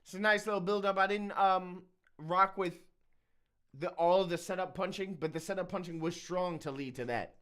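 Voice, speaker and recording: Man, high-pitched, casual reaction commentary, easygoing, halting fillers. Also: steady tone, a bit bright, clean tone. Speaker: reaction channel host.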